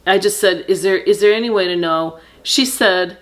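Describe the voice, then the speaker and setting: A middle-aged woman telling a personal story on her vlog, earnest and reflective, pausing with fillers and restarting sentences. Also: medium pitch.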